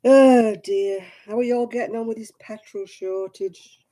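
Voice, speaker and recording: A woman's voice: fairly high pitch, steady tone, normal speed, dark tone. A middle-aged British woman hosting a casual live stream from her desk, chatting and greeting viewers by name. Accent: British English. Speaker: livestream host.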